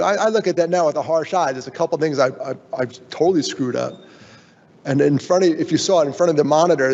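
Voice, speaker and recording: A man's voice: fairly high pitch, a little mellow, long reverb tail, muffled recording. A man giving a candid, emotional keynote talk at a conference, often breaking off and restarting his sentences. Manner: candid, emotional, self-interrupting. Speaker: keynote speaker. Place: conference hall.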